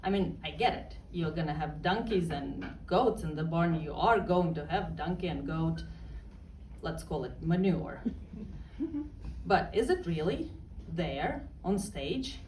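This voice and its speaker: A woman telling a personal story in a wry, deadpan comic way. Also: low voice, a little slow, a little hiss or hum. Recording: roomy and distant with faint ambience.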